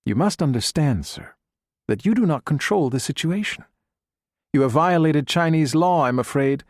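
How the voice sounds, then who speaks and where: A man voicing a calm young male agent who speaks in American English, quiet, firm and smoothly persuasive. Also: on the high side, moderate pace, no room sound, studio quality, voice pushed up. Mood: quietly firm.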